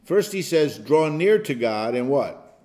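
A male pastor teaching an interactive Bible study, emphatic and animated, at times bursting into loud exclamations. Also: a little high, unhurried.

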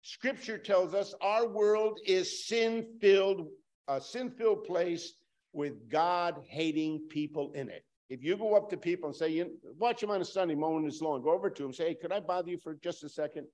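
A man preaching a sermon emphatically, repeating lines for stress and swinging from loud to hushed. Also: high voice, moderate pace.

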